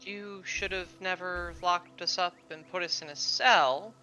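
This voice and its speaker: A man playing a calm, threatening female warlock in a tabletop game, with music behind. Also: high voice, measured pace, voice pushed up, full character voice. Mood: curt.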